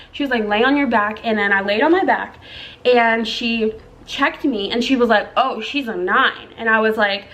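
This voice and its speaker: A woman's voice: fairly high pitch, fairly bright tone. A young woman vlogger telling her own story in a chatty, emotional way, talking straight to her viewers. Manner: chatty, emotional, addresses viewers as girl and y'all. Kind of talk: casual storytelling to camera.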